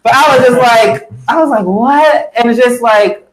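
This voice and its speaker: A man with a high, light voice tells his story emphatically and conversationally, leaning on "you know" and acting out his past thoughts. He speaks over a computer mic on a video call. A roomy echo hangs around his words. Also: moderate pace. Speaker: guest speaker for a political party. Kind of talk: impassioned personal testimony in a webinar.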